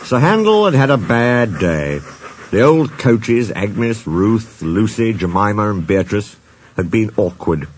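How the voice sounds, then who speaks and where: A man narrating a children's storybook at a measured, slow pace. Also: lowish voice, big pitch swings, a little hiss or hum. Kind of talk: storybook reading.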